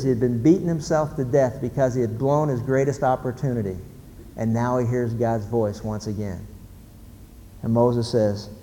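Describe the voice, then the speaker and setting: A man's voice: mid-range voice, dark tone. Male pastor preaching, storytelling and emphatic, in a reverberant church hall with faint noise. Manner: storytelling, emphatic, asks the audience questions. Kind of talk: sermon.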